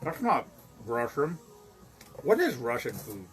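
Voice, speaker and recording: A man's voice: medium pitch, big pitch swings, slow pace, heavy background noise. A tipsy man hosting a drinks show from his home bar, rambling and swearing through casual stories with frequent giggles. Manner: profane, rambling, giggly storyteller. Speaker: show host mixing drinks. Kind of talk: casual chat.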